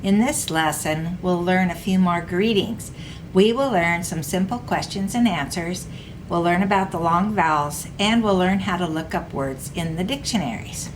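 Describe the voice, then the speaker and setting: A woman teaching a recorded language lesson, explaining slowly and repeating example phrases. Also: fairly low pitch, background noise.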